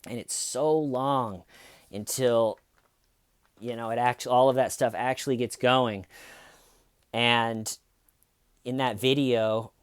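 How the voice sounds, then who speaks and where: A man's voice: medium pitch, steady tone, takes it slowly, pauses often, smooth, no room sound, studio quality. A man hosting a casual true-crime commentary, talking in an indignant, conversational way with lots of fillers and restarts. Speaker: podcast host.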